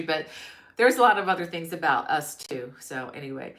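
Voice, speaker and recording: Chatty woman crochet host, lower voice. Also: fairly quick, fairly bright tone. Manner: chatty, greets viewers by name, many ums. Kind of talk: casual live-stream chat. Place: her mother-in-law's home.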